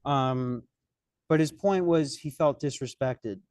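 A man's voice: medium pitch, slow, a little mellow, clean tone, no echo. A young man hosting a podcast, telling a comic story in a rambling, profane, self-mocking way. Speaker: podcast host. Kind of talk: comedic storytelling chat.

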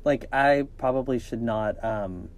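A man co-hosting a podcast, reading scary stories aloud with jokey, animated asides. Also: mid-range voice, unhurried. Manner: jokey, animated, breaks into laughter and cheeky asides. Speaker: podcast co-host.

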